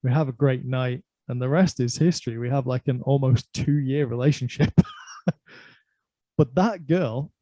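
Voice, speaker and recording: A man's voice: medium pitch, measured pace, warm tone, no room sound. A middle-aged man telling a long, rambling personal story in casual chat, laughing often and filling gaps with "like" and "um".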